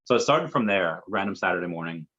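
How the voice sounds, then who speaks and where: Low-voiced guy rambling on as a guest, lots of ums, muffled sound. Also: animated, fast talker, sharp tone. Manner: rambling, chatty, with many fillers. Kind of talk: casual conversation. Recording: muffled lo-fi audio.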